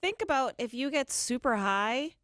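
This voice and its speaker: A woman's voice: sits high, lively intonation, a bit bright, no room sound, clean studio sound. Woman reading morning radio news items. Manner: brisk newsy delivery, quick laughs. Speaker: radio co-host. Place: radio studio. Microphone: studio microphone.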